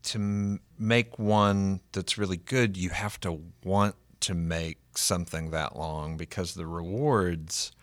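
A male author reading his own novella aloud and talking about writing it, with a measured, deliberate delivery. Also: sits low, steady tone, no echo.

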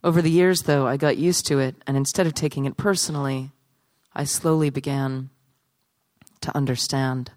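A woman performing a spoken story and reading aloud, with a wry, unhurried, deadpan delivery. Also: extremely low pitch.

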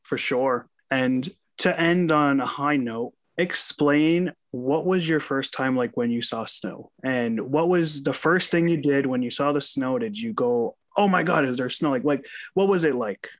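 A young man in a student interview, asking questions in a loose, halting way with lots of fillers. His voice sits at a middling male pitch, easygoing and conversational. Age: young adult.

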